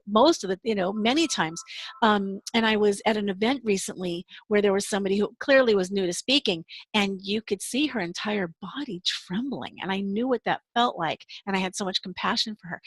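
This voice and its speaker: A woman interview host talks in a reflective, affirming way. She speaks at a middle pitch, and the sound is dry and close. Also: a bit bright, no room sound. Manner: reflective, affirming, frequent short reactions. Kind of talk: conversational interview.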